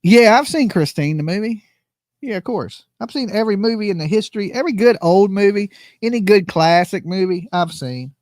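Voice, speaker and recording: A man's voice: high voice, expressive, brisk, darkish tone, no echo, clean studio sound. A man hosting a casual livestream, joking, rambling and laughing often. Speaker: livestream host commenting on a trial.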